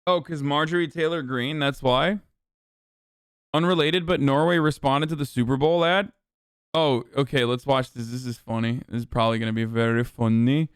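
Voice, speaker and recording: A man's voice: mid-range voice, fairly even intonation, moderate pace, smooth, no room sound, clean studio sound. A young man streaming, riffing sarcastically and swearing a lot while reacting to videos. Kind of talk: casual stream commentary.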